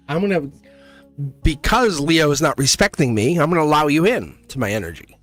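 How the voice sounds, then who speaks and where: A man's voice: on the high side, lively intonation, quick pace, soft background music. A man giving a live tarot reading, blunt and chatty, laughing often and acting out little voices. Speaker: tarot reader.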